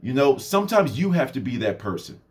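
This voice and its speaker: A motivational vlogger and mentor talks casually, rambling, laughing often and acting out the people he quotes. His medium-pitched voice is a little mellow, brisk, and swings widely in pitch.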